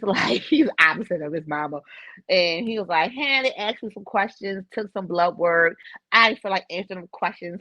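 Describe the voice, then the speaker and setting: A woman's voice: on the low side, no room sound. Woman telling an emotional story. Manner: emotional, animated storytelling with laughs. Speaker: podcast guest. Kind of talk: personal storytelling. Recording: slightly dull dry recording.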